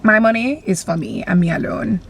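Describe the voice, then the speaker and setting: A woman's voice: mid-range voice, animated, a little fast, gravelly, a little hiss or hum. A young woman vlogging from her car, venting bluntly and animatedly with plenty of swearing. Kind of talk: casual venting vlog.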